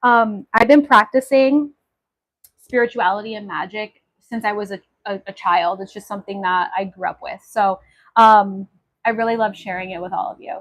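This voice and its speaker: A woman's voice: medium pitch, moderate pace, fairly bright tone, rough recording. A woman from Maui hosting a casual livestream, chatty and enthusiastic, with many fillers as she talks to viewers. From Maui, Hawaii. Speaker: livestream host.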